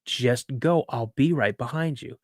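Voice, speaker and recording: A stern father barks short commands in an even, mid-pitched voice, as a man puts him on. The sound is dry and close. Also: measured pace, no echo, close to an everyday voice. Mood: urgent. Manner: curt commands. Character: stern father on a hunt, firm and urgent.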